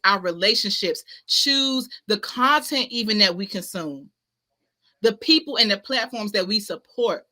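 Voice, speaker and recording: Woman, streamer host, bright voice, casual motivational talk, emphatic, slangy, repetitive. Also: mid-range voice. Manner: emphatic, preachy, repeats phrases with slang. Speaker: host of a spiritual talk show. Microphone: ring light setup, webcam-style stream.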